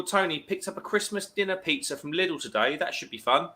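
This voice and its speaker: A man's voice: a little high, lively intonation, a little fast, sharp tone. A man hosting a casual live stream, chattily reading out viewer comments and greeting people.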